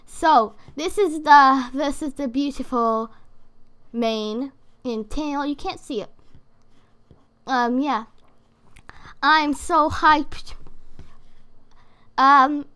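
A woman hosting a casual reaction video as a gaming YouTuber, excitable and rambling with lots of fillers. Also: high voice, drawn-out words, pauses often.

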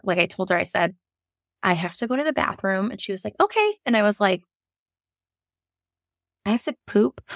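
A woman's voice: medium pitch, gravelly, fairly bright tone, no echo, clean studio sound. A woman guest frankly telling a painful personal story, emotional and laughing through hard moments. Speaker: guest sharing her birth story.

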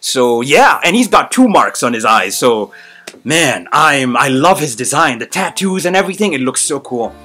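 A man hosting a reaction video, reacting out loud with frequent exclamations and lots of filler words. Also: medium pitch, moderate pace. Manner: excitable, exclaims often, many fillers. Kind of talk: live reaction commentary.

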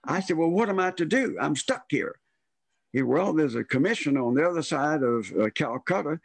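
An older man, a guest storyteller, rambles through a long personal tale in casual fashion, performing the voices of the people in it. His fairly high voice has lively intonation, vocal fry, and a breathy edge, at a normal speed. The recording is dry.

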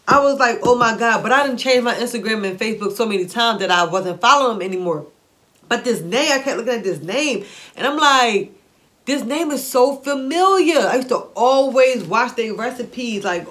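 A woman vlogger chatting excitedly through a shopping haul, gushing and repeating herself with delight. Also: on the high side. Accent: Philadelphia-area African American English. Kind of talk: excited haul video chat.

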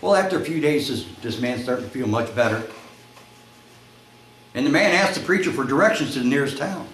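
A male pastor preaching a sermon, telling a story and acting out its voices, climbing to shouts at the high points. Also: lively intonation, fairly quick. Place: church sanctuary. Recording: echoey church room, faint noise.

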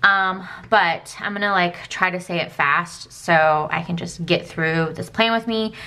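Young woman rambling thru her planner, lotsa ums, bright forceful voice, kinda low. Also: measured pace. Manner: chatty, rambling, many fillers and self-asides. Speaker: planner vlogger. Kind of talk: casual chat while planning.

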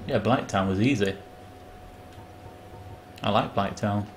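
A man live-streaming a video game, chatting excitedly and greeting viewers by name. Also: lowish voice, takes it slowly, a little hiss or hum. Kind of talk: casual live game commentary.

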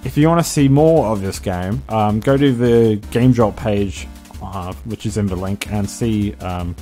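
Low-voiced man reacting to a horror game. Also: measured pace, faint music behind. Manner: excitable, swears, reacts loudly. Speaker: gaming channel host. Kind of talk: horror game let's play commentary.

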